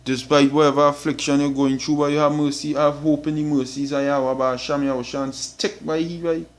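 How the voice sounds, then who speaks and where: A man's voice: a little high, flat delivery, fairly quick. A man with a Trinidadian accent preaching an informal sermon, emphatic and blunt, tagging his lines with "boy" and swearing for emphasis.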